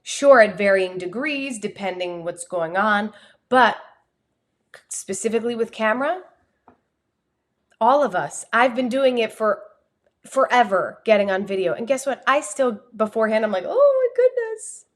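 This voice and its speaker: A woman with a New Jersey accent, a communication coach giving an energetic, expressive motivational talk on a livestream. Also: mid-range voice, moderate pace. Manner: energetic, expressive, talks with her hands.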